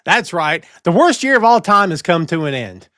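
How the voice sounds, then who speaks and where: Sing-song and slightly bright, this podcast host's high voice moves at a moderate pace as he theatrically and playfully greets chat on his live wrestling stream. The sound is clean studio audio with no echo.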